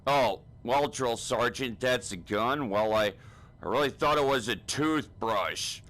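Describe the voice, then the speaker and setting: A man's voice: medium pitch, a little slow, fairly bright tone, lightly acted, low-quality recording. A man playing a timid, whiny recruit in a comedy spoof, stammering and pleading nervously.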